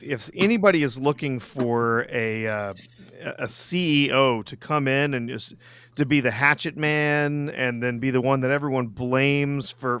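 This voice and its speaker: A man hosting a live pop culture show, chatting in a relaxed, joking way. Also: medium pitch, smooth. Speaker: host. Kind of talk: casual live-stream chat.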